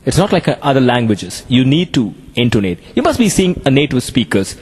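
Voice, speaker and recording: A man with an Indian English accent, giving a classroom lecture on communication skills in an animated way. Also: medium pitch, brisk, husky, big-room sound.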